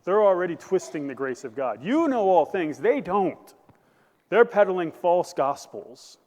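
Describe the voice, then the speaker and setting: A man's voice: sits high, very animated, measured pace, darkish tone, in a large hall. A male pastor preaching a sermon, building to emphatic bursts and asking the congregation questions. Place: church sanctuary.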